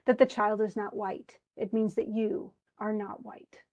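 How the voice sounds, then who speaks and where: A woman's voice: mid-range voice, fairly even intonation, unhurried, lo-fi sound, close to an everyday voice. A woman voicing a proud husband who speaks in a cold, polite voice, reading his lines aloud in a class.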